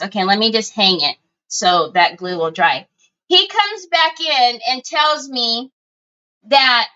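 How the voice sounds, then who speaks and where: A high, bright-voiced middle-aged woman, chatting to her livestream viewers as she crafts. She spins stories in a chatty, friendly way, calling them y'all. The stream audio is a little dull and lo-fi. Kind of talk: casual chat while crafting.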